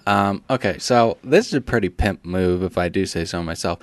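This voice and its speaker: A man's voice: low-pitched, normal speed, no room sound. A young man hosting a podcast, joking and rambling loosely. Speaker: podcast host. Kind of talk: casual chat.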